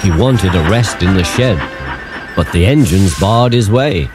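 A man narrating a storybook in an expressive, measured way. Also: low-pitched. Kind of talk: storybook reading. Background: music.

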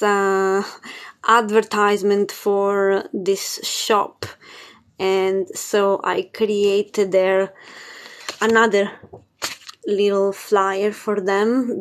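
A woman hosting a casual spiritual live stream, bubbly and chatty, laughing often and swearing casually. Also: mid-range voice. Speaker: spiritual livestream host.

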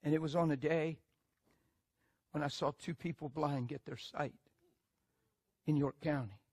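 A male preacher delivering a sermon as a story. His voice sits fairly high, and he swings from loud, emphatic bursts to quiet asides. The sound is dry and close, with little room around it. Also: steady tone, a little slow, husky, dry recording.

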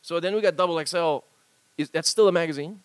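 A man from Hawaii, co-hosting a podcast in joking, animated banter. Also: on the high side, fast, no echo. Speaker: podcast co-host. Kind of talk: casual comedic chat. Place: live studio room with audience.

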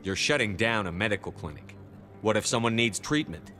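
A terse, deep-voiced commander. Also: male voice, expressive, a little fast, pushed and bright. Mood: direct. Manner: terse and direct. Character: calm male military commander, the player hero. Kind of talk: video game voice acting.

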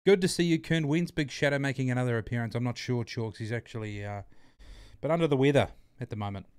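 A man's voice: medium pitch, fast talker, a little mellow, clean tone, dry recording, clean studio sound. A man hosting a casual livestream, bantering crudely, greeting his chat and repeating himself as he plays. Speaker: livestream host.

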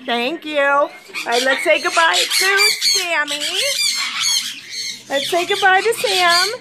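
A woman's voice: extremely high pitch, slow pace, heavy background noise. A woman keeper talking in sing-song baby talk to her pet birds in an indoor bird room, coaxing them to say hello. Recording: loud bird squawks around her. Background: birds squawking and chattering.

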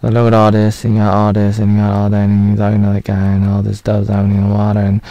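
A gravelly, low-pitched man in his thirties talks through a series in a loose, rambling way, leaning on fillers and trailing off mid-thought. His voice sits dark and mellow. The sound is dry and close, with no room around it. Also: completely flat delivery, fast, no echo, highs cut off. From United States (Oregon). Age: 30s. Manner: rambling, loose, full of "like" and half-finished thoughts. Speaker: video reviewer. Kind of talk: casual spoken review over footage.

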